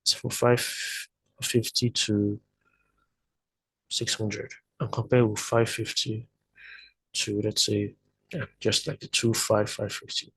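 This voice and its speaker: Husky man working through sums. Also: lowish voice, level tone, slow pace, pauses often, fairly bright tone, no echo, low-quality recording. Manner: thinking aloud, hesitant, self-correcting. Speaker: math tutor. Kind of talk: explaining math problems step by step.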